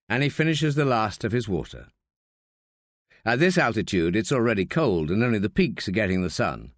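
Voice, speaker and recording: An expressive male audiobook narrator reads scripted narration in a medium-pitched voice. The recording is dry with clean studio sound.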